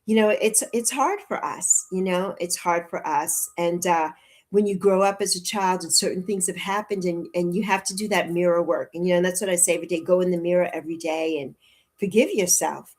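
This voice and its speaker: A woman in her early sixties hosting a casual livestream, chatting warmly and repeating her phrases as she answers viewers' comments. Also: on the low side, fairly quick. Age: 60s. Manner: warm, chatty, repeats phrases, laughs often. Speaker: livestream host.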